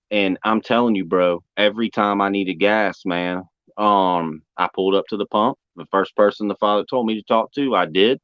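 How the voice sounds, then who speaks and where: Low-voiced man telling a story. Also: normal speed, a bit bright, no room sound. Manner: folksy, repeats "man" and "brother". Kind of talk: casual storytelling. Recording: dull muffled sound.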